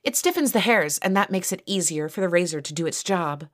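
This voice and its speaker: A woman voicing a bossy young sorority sister who gives orders briskly, in an audio story. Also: lowish voice, lively intonation, pitched above the performer's own voice, close to an everyday voice. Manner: brisk, commanding.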